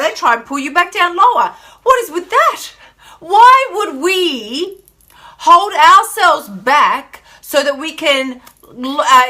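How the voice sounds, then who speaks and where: An Australian woman coaching her viewers on a live stream, sassy and emphatic. Her voice is bright and forceful and sits a little high for a woman. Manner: sassy, emphatic, reads viewer comments aloud. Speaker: life coach host. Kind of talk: motivational live stream chat.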